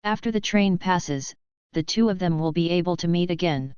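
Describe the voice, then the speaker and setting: A woman narrating a novel in an even, steady storytelling manner. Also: on the low side, normal speed, clear, resonant tone, dry recording. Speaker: audiobook narrator. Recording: dull lo-fi, dry.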